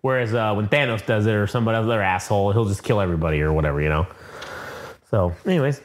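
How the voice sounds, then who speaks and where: A man's voice: lowish voice, expressive, fast talker. A man co-hosting a casual comic book review podcast, talking in a loose, rambling and profane way. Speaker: podcast co-host.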